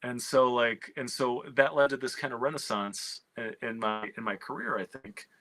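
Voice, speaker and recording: A man, a screenwriter and comic writer, telling a candid story in an animated, profane way with many restarts. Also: mid-range voice, moderate pace, dry recording, low-quality recording.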